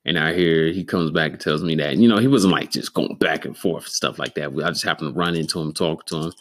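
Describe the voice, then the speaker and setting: A man hosting a solo podcast, rambling and cursing freely, sometimes getting excitable. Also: very deep voice, brisk. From Denver, Colorado. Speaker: podcast host. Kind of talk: solo casual podcast monologue.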